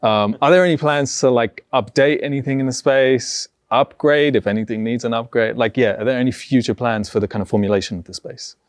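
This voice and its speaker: A man's voice: mid-range voice, steady tone, brisk, hardly any pauses, no room sound, clean studio sound. A man hosting a casual podcast interview, asking joking, teasing questions. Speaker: podcast host.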